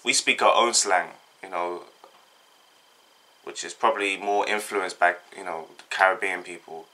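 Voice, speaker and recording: A man's voice: sits low, steady tone, normal speed, pushed and bright. A young man from South London with a South London accent, chatting casually and jokily with lots of slang. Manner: laid-back, jokey, rambling with slang. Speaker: vlogger. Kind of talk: casual chat, answering a tag.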